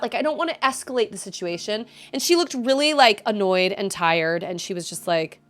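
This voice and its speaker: A woman's voice: medium pitch, expressive, a little fast, few pauses, fairly bright tone, soft background music. A woman streaming a game, venting in casual chat to her viewers, rambling with frequent restarts. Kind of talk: casual chat while gaming.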